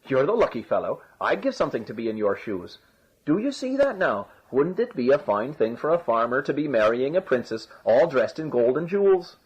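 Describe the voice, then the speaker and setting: Guy voicing a gullible farmer, eager and loud, husky voice. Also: medium pitch, very animated, a little fast, dull audio. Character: gullible greedy farmer with cattle.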